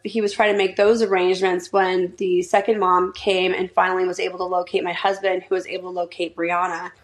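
A woman from Arizona, a mother, giving a steady personal account in an interview. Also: fairly low pitch, a little fast, low-quality recording.

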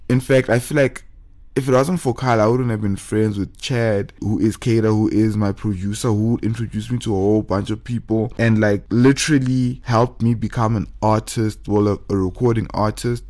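A young man with a fairly low voice speaks as the host of a podcast, sharing a personal story. He talks in a halting, emotional way, repeats his words and holds back tears as he goes on. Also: fairly even intonation, a little mellow. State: tearful, holding back crying.

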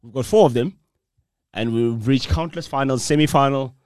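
A man's voice: medium pitch, normal speed, a little mellow, clean tone, dry recording. A man co-hosting a casual podcast chat, making his case insistently and repeating himself. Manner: insistent, repetitive.

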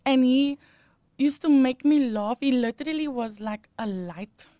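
A woman's voice: sits high, a little slow, dark tone, dry recording, clean studio sound. A woman giving a personal testimony as an interview guest, laughing often and turning emotional.

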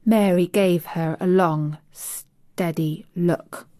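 A woman reading a classic children's novel aloud in a measured audiobook narration. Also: lowish voice, fairly even intonation, warm tone, no room sound, studio quality. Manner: slow, measured. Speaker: audiobook reader.

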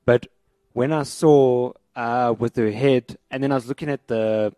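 A man co-hosts a casual film review and mostly adds short, relaxed comments. His voice is mid-pitched, and the sound is dry and close-miked. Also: a little slow, dry recording. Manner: relaxed, brief interjections.

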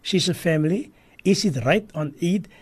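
A man presents a radio advice show and briskly reads out listener messages. His voice is slightly husky and a bit higher than average. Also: expressive. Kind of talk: radio call-in hosting.

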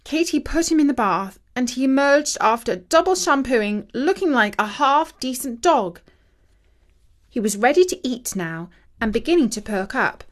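A woman narrating a children's story in a measured, expressive way. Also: high voice.

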